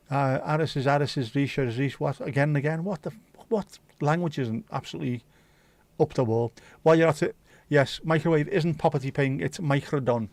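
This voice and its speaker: A man's voice: fairly high pitch, a little fast, darkish tone, dry recording. A man hosting a livestream, chatting casually and answering viewer comments in a blunt, opinionated way, swearing freely. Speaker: livestream host.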